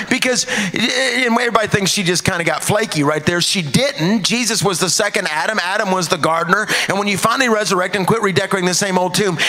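A man preaches in a high, bright voice, dropping to a hush and then building to shouts. His words ring out in a big hall with a long, trailing reverb. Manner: dramatic, swinging between hushed and shouted. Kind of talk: sermon.

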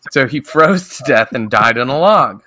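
A man co-hosting a podcast, recapping a TV episode in casual, profane chat and mimicking characters in squeaky voices. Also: lively intonation, moderate pace, bright, forceful tone. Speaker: podcast co-host.

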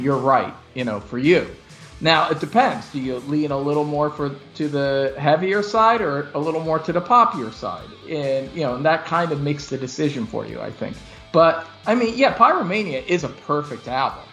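A man hosting a casual music podcast, animated, laughing often and swearing freely. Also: fairly high pitch. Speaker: podcast host. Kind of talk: casual chat about music.

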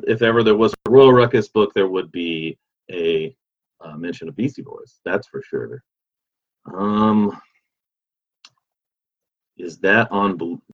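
Male stream host, low voice, easygoing and rambly as he reads comments, muffled lo-fi audio. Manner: rambling, easygoing, many fillers. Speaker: livestream host reading viewer comments. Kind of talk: casual chat. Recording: dull lo-fi sound.

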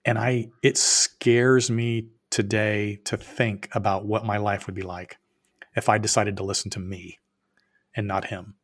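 Podcast guest, man, 50s, lowish voice, animated raconteur who acts out the dialogue. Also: a little slow. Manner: animated storyteller who acts out both sides of quoted dialogue; swears casually, plain-spoken. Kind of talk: storytelling in a podcast interview.

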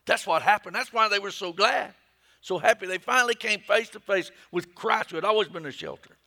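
A middle-aged man preaches with a husky, gravelly voice that has a bright, forceful edge. He drops to hushed near-whispers, then climbs to loud, emphatic peaks. His pitch sits a little higher than most men's. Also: fairly quick. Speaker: pastor. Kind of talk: sermon.

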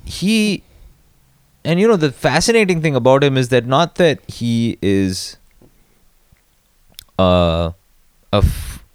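A man rambles through stories on a comedy podcast and laughs a lot. His voice swoops widely and sits a little high, but he talks slowly. It is recorded close and dry. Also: dry recording. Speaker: podcast co-host. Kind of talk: casual comedic chat.

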